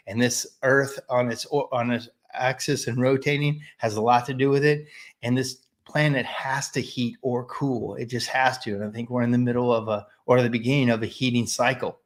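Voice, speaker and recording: A man from the United States hosts a weekly live stream and speaks in a loose, rambling monologue. He sounds opinionated and talks straight to his viewers. His voice sits at an ordinary middle pitch. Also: level tone, normal speed. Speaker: host of a weekly live business show, chimney sweep.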